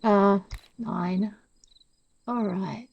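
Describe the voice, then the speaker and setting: A woman's voice: medium pitch, fairly even intonation, very slow, gravelly, husky, dull audio. A woman chatting casually to her viewers as she plays a game, self-deprecating and talkative. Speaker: gameplay narrator. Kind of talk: casual let's-play commentary.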